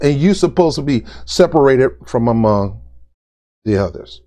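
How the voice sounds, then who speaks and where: Animated and dark in tone, a man with a medium-pitched voice speaks at normal speed in an opinion rant to camera as a political commentary vlogger. His delivery is informal, blunt, and exasperated, circling back to his points and throwing in "ain't" and "dude".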